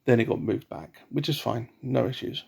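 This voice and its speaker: A man telling a personal story in a casual vlog, rambling with many fillers and restarts in a soft, self-conscious way. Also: mid-range voice, normal speed, vocal fry, husky. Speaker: vlogger.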